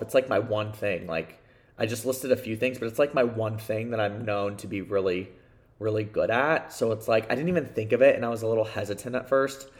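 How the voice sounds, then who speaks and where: A man hosting a solo motivational podcast for salespeople, talking earnestly and upbeat, repeating phrases for emphasis and swearing now and then. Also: mid-range voice. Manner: swears casually. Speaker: podcast host.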